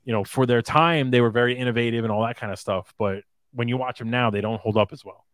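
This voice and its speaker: A man in casual podcast chat, animated and eager, acting out moments from shows as he talks. His voice sits at an ordinary middle pitch. The sound is dry and close to the mic. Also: no echo. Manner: animated, acts out scenes in quick mimicking voices. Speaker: podcast co-host.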